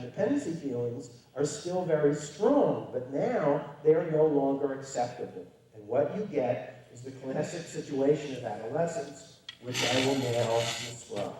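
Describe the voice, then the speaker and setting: A man's voice: medium pitch, dark tone, recorded from a distance. A man giving a public lecture to parents, talking in a wry, conversational storytelling way with emphatic stresses. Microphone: distant from the microphone. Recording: very echoey hall, voice picked up from afar.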